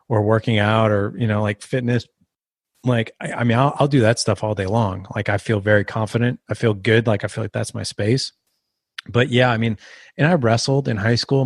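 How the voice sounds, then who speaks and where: A man in his thirties speaks as a podcast guest, his voice sitting a little low. He rambles and restarts as he tells his story. The sound is dry and close. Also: moderate pace, dry recording. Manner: rambling, restarts, animated when quoting. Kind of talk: casual storytelling interview.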